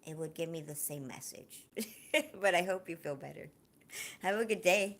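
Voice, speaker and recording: A woman's voice: lowish voice, moderate pace, gravelly. A woman hosting a casual livestream, talking earnestly and personally to her viewers, then chatting and laughing with the chat. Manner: heartfelt, confiding, warm toward viewers; lively, laughing, joking with chat. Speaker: livestream host.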